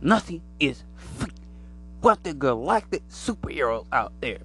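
A man giving a rambling, animated conspiracy monologue to the camera, acting out imagined voices as he goes. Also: on the high side, measured pace, a little hiss or hum.

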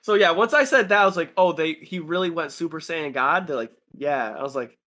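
A man's voice: on the high side, fairly quick, pushed and bright. A man chatting casually about anime in a laid-back, rambling way, acting out what friends said.

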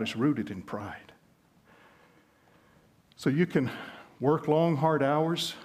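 A man's voice: medium pitch, a little mellow. A man with a Southern US accent preaching a sermon in a conversational way, telling illustrative stories. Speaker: pastor.

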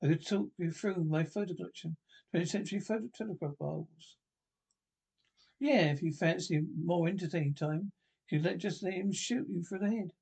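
A man's voice: high voice, a little fast, creaky, darkish tone, husky. A man reading a comedy TV script aloud, voicing every part himself and reading the stage cues plainly between the lines. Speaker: podcast reader.

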